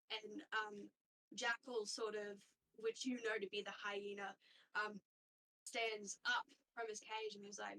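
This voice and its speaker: A woman's voice: medium pitch, flat delivery, a little slow, pushed and bright, distant mic, rough recording. A woman as game master narrating a tabletop game, rambling with frequent fillers and casual swearing.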